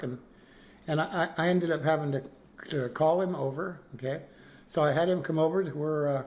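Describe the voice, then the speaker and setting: A man with a fairly high, slightly mellow voice casually tells a story to his chat. He rambles, restarts often, and keeps tossing in "okay?" checks.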